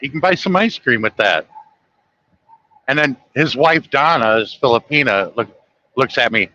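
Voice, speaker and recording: A middle-aged man from the United States tells rambling stories in a bright, forceful voice, chuckling often and livening up when he quotes people. The sound is a bit dull and lo-fi. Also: medium pitch, moderate pace. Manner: chuckling often, animated when quoting others. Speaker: trucker telling stories. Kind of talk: casual storytelling monologue.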